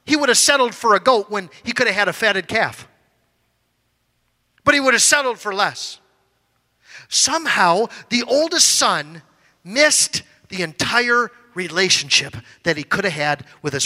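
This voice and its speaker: A man preaching a sermon, moving from loud shouted lines to quiet low asides. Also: lively intonation, unhurried, in a large hall.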